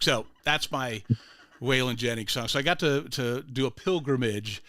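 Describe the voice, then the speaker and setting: Bright, rambling older male radio host. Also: medium pitch, moderate pace, dry recording. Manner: rambling storyteller with many restarts and fillers. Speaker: morning show host. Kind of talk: casual radio chat.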